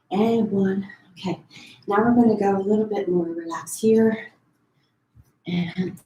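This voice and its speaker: A woman leading a Pilates class from home, counting down reps and giving quick form cues, a bit out of breath. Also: a little high. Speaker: pilates instructor. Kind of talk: live online fitness class cueing. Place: her home. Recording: echoey room.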